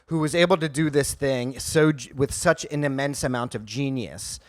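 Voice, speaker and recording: A man's voice: medium pitch, normal speed, dry recording. A man co-hosting a comedy podcast, riffing in casual chat with a profane, opinionated manner.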